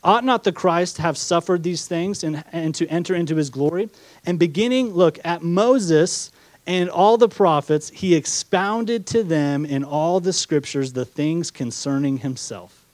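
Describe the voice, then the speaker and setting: His voice slightly high and darkish, the pastor reads a passage and works through it with rhetorical questions. Along the way he plays out the disciples' doubts in quoted asides, recorded without echo.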